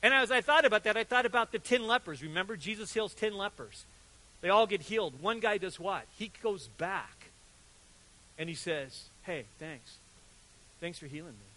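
Older guy preaching, high bright voice, acts out the quotes in his stories. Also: moderate pace, poor audio. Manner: animated storytelling, acts out quotes with sudden loud and soft turns. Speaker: pastor. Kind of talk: sermon.

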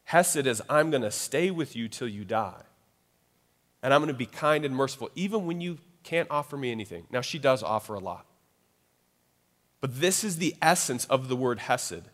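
A man preaches to his congregation in a loose, conversational way, often stopping to check in with the crowd. His voice sits at an ordinary middle pitch. The sound carries a long reverb from a large hall. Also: animated, moderate pace, fairly bright tone. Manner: conversational preaching with frequent asides. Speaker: pastor. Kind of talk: sermon.

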